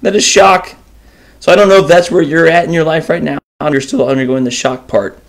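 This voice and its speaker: A man hosting an informal enrichment lesson, animated and chatty as he reads from a children's book. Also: on the high side, fast talker. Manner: animated, informal, many fillers. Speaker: host and teacher.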